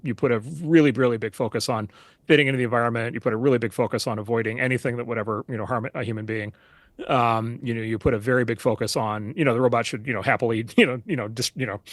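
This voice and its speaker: Fast-talking man full of fillers. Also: medium pitch, fairly bright tone, dry recording. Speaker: guest. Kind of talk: casual interview talk.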